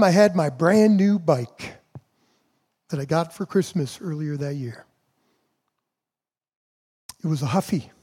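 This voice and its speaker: A pastor delivering a sermon in a church, lingering on his words with long, deliberate pauses. His voice is mellow and warm, and he speaks at an unhurried pace, slowing further to stress each point. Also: high-pitched. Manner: measured preaching with slow emphatic pauses.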